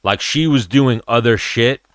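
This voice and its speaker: A man's voice: medium pitch, a little slow, no room sound, clean studio sound. A man hosting a casual livestream chat while watching fights, blunt, profane and rambling. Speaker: podcast host.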